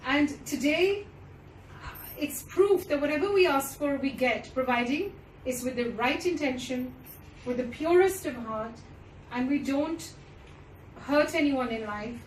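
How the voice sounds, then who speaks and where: Woman, high voice, earnest devotional speaker, recorded from across an echoey room. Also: a little slow, a little hiss or hum. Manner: earnest, mixes Hindi and Punjabi phrases. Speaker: satsang speaker. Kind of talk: devotional talk. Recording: roomy, distant audience recording.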